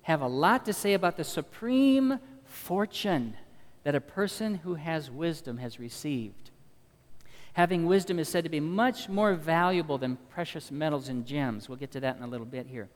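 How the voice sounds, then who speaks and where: A middle-aged man preaching a sermon in a folksy, storytelling way, slowing down to stress key lines. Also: fairly high pitch, lively intonation. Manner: folksy, storytelling, slows down for emphasis. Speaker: pastor. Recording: long reverb of a large hall.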